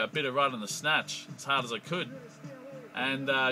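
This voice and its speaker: A man's voice: mid-range voice, a little fast, rough recording. A young Australian man telling a crude, profanity-laced comic story in a rambling monologue. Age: young adult.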